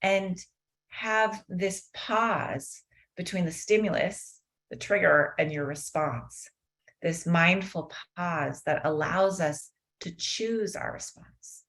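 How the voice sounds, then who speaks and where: A middle-aged woman with a low, grounded voice leads a mindfulness webinar over a video call. She tells a story and then eases into a slow, gentle guided meditation. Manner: warm storytelling, slows into soft guided meditation. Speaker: mindfulness teacher and guest speaker.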